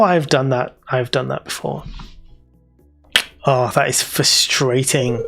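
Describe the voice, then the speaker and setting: A man's voice: on the high side, fairly even intonation, normal speed, vocal fry, soft background music. Chatty British man narrating gameplay. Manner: chatty, rambling, self-teasing. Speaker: let's play host. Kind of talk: casual gameplay commentary.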